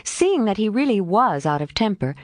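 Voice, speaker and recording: A woman narrating a classic novel as an audiobook in an expressive storytelling manner. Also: medium pitch, moderate pace, dry recording, clean studio sound.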